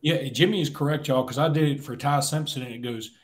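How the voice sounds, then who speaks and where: A man's voice: a little high, fast talker, a little hiss or hum. A man co-hosting a sports podcast, telling stories in an easygoing way and laughing along. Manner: relaxed storyteller, laughs through stories. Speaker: podcast co-host. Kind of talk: casual sports talk.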